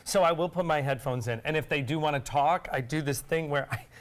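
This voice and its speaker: A woman's voice: low voice, fairly quick, noisy background. A woman co-hosting a talk show, telling stories animatedly in casual chat. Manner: animated storyteller.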